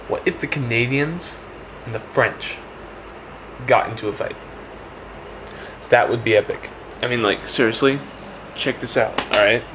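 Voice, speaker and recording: A man's voice: mid-range voice, a bit bright, slight background noise. A man rambling through a comic monologue, packing his talk with "like" and "check this out". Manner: rapid, full of "like" and "check this out".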